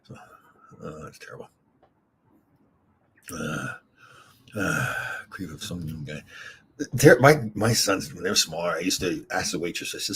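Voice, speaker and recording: A man's voice: sits low, animated, a little slow, long pauses, a bit bright, slight background noise. A middle-aged man hosting a rambling, casual live stream, reading comments aloud and giggling often. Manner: giggly, rambling, laughs often between lines. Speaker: host reading live chat.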